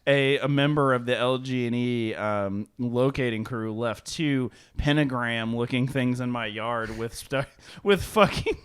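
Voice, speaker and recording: A man's voice: medium pitch, measured pace, clean tone. A man with an ordinary mid-range voice, teasing his co-host. He trades profane jokes in a loose podcast chat. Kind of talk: casual chat.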